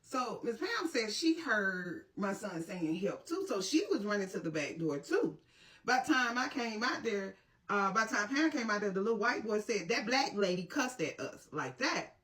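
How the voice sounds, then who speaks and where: A woman's voice: mid-range voice, very animated, normal speed, a bit bright, distant mic. A woman telling a personal story to her viewers, blunt and profane, with lots of asides to her audience. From Mississippi, USA. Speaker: storytime vlogger. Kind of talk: casual storytime.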